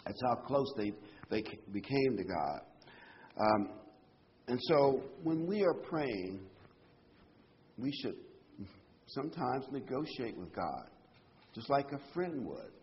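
A man delivers a sermon in a relaxed, talky style and lifts his voice high for quoted lines. His pitch sits in the middle range. The recording sounds dull and lo-fi, with a faint hiss underneath. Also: slow, long pauses. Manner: conversational, animated, pitch jumping up for quoted speech. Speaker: preacher.

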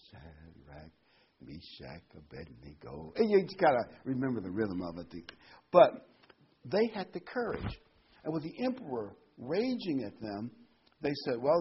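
A man's voice: mid-range voice, husky. A man preaching a conversational sermon, reading scripture and adding casual asides. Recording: dull lo-fi recording.

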